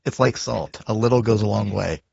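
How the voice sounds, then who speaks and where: Husky-voiced man hosting a podcast. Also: fairly low pitch, brisk, no echo, highs cut off. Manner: relaxed, chatty, lots of fillers. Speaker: podcast host. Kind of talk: casual interview chat.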